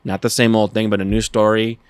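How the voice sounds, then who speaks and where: A man's voice: on the low side, little pitch movement, brisk, smooth, no echo. A man co-hosting a casual podcast, earnestly explaining his opinions. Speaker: podcast co-host.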